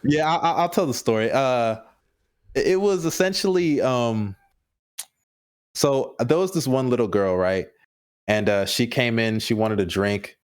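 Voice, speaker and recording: A young podcast guest with a mid-range, smooth voice tells a casual story at a measured pace. He rambles loosely, with lots of fillers and chuckles.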